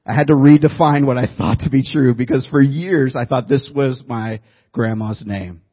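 A man with a husky, slightly breathy voice delivers a sermon in a relaxed storytelling manner, teasing his listeners now and then. The recording sounds dull and lo-fi, as though captured in a church room. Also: mid-range voice, normal speed. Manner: conversational storytelling, joking with the audience. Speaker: pastor. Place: church room before a congregation.

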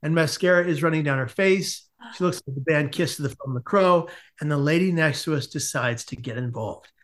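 Animated man telling a comic story, slightly high. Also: fairly quick. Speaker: podcast guest. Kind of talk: storytelling in casual conversation.

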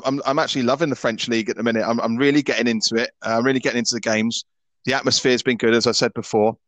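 A man's voice: mid-range voice, fairly bright tone, no room sound. Chatty Scottish man in his thirties. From Scotland. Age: 30s. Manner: chatty, stammers and restarts often, opinionated. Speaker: football podcast host. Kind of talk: casual podcast chat.

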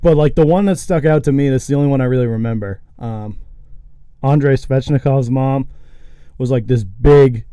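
A man's voice: mid-range voice, moderate pace, clean tone, no echo. Young man hosting a chatty podcast. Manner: relaxed, rambling, laughs often. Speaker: podcast host. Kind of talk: casual podcast chat. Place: college-town podcast setup.

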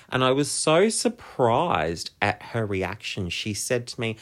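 Male podcast host, 40s, slightly low voice, candid and reflective solo delivery. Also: expressive, moderate pace, hardly any pauses. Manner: open, heartfelt and reflective.

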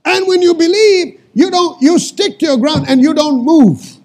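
A man preaching a sermon as pastor, calling out to the congregation and repeating lines for emphasis, sometimes shouting commands. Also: very high-pitched, moderate pace.

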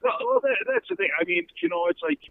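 A man's voice: high voice, huge pitch swings, quick pace, no room sound. A man chatting as a podcast guest, swearing often and leaning on fillers. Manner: profane, filler-heavy talk. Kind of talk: casual chat. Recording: tinny phone line.

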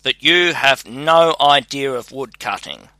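A grumbling old woodcutter father, as a male narrator puts him on, scolding his son in a storybook. His voice is very bright and sharp, with a slow, deliberate delivery, recorded dry and close with no room sound. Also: medium pitch, no room sound. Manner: scolding, gruff.

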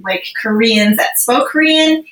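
Her voice is fairly high, expressive and fairly bright as she shares a personal story as a podcast guest. She talks at a measured pace but in a loose, emotional, rambling way full of fillers, and the recording sounds roomy and echoey.

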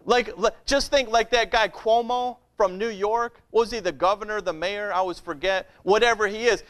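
A man with a notably high-pitched voice preaches a sermon. His delivery is conversational and direct, with frequent calls of "Amen?" to draw the congregation in. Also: normal speed, few pauses, fairly bright tone. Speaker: pastor.

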